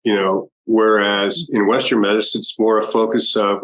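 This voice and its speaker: Guy with a lowish voice, guest on a podcast, argues his point slowly with lots of pauses. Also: fairly even intonation, fairly bright tone, rough recording. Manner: measured, argumentative, many pauses. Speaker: guest expert. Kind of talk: podcast interview.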